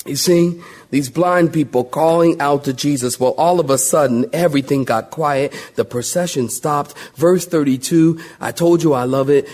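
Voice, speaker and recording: A man preaching a sermon, telling a Bible story with lively, animated delivery and acting out the voices of the people in it. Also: mid-range voice, a little slow, husky.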